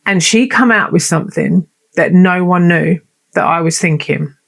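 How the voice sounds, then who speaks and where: A woman's voice: on the low side, moderate pace, vocal fry, breathy edge. A woman hosting her own show, telling a personal story in a heartfelt, emotional and chatty way. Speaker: podcast host.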